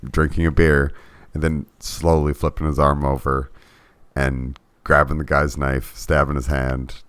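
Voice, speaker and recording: Male podcast co-host, extremely deep voice, relaxed wry chat, dry close sound. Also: a little slow, smooth, dry recording. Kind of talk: casual chat.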